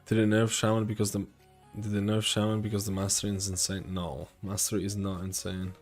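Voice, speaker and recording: A man's voice: lowish voice, flat delivery, a little fast. A young man streaming live, answering viewer questions in a loose, rambling, chatty way. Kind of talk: casual live-stream chat. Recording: faint music behind.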